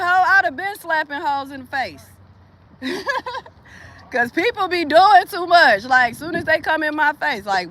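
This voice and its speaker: An animated woman with speech vents straight to her camera, cursing freely and breaking into laughs. Her voice sits on the high side. Faint traffic hums behind her. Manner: animated, profane, laughs often. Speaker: vlogger. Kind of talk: casual venting monologue.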